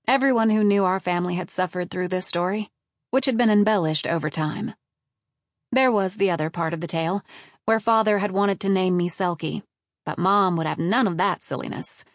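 Woman audiobook narrator, measured and even, mid-pitched, dry close-miked studio sound. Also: no echo. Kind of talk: scripted narration.

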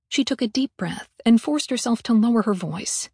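Higher-voiced woman narrating an audiobook. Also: moderate pace, few pauses, a little mellow, slightly rough, dry recording, clean studio sound.

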